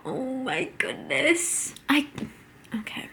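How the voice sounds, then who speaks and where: A woman's voice: mid-range voice, moderate pace, a little hiss or hum. A young woman talking casually to camera at home, rambling with lots of "like" and gasping, emotional reactions. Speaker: vlogger. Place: at home, sitting in a chair.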